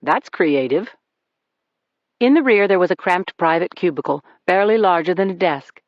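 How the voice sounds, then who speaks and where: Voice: mid-range voice, animated, fairly quick, no room sound. Dry, dull-sounding audiobook narrator. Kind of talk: scripted first-person thriller narration.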